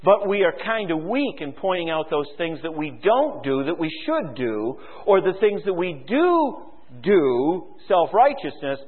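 A man's voice: a little high, very animated, measured pace, husky. A man preaching a sermon as a pastor, firing rhetorical questions at his listeners and quoting scripture aloud. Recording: tinny phone-like sound with long hall reverb.

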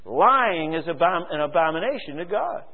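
A man's voice: a little high, very animated, normal speed. A man preaching a sermon as a pastor, firing rhetorical questions at his listeners and quoting scripture aloud. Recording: tinny phone-like sound with long hall reverb.

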